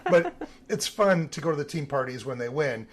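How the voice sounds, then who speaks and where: A man, an Olympic team photographer, telling lively stories in a podcast interview and acting out the voices of the people he quotes. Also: a little high, normal speed. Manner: animated storyteller, acts out quoted voices.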